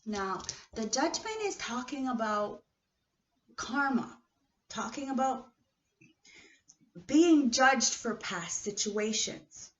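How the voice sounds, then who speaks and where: A woman's voice: on the high side, lively intonation, slow, pauses often. A woman giving a casual tarot card reading with a non-native English accent, chatty and often checking in with her listeners. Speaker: tarot reader. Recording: distant, dull, noisy home recording.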